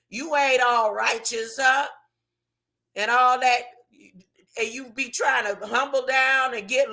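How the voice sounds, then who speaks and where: Woman, high bright voice, unhurried, animated informal Bible teaching, rhetorical asides. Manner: animated, rhetorical, tag questions, colloquial. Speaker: preacher teaching scripture.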